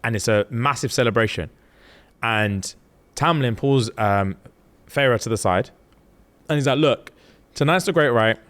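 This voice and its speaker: A man spins a story casually for his co-host. He is slangy and animated, jumping into the characters' voices as he goes. His voice sits in a middle pitch. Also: a little slow, pauses often. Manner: animated slangy retelling, acting out characters' lines. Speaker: podcast co-host. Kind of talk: casual storytelling, retelling a novel's plot.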